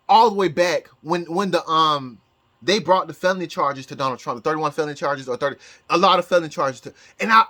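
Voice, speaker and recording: A man's voice: high-pitched, bright, forceful tone. A man talking in a casual vlog as a psychic, rambling with many restarts and bursts of laughter. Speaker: psychic YouTuber.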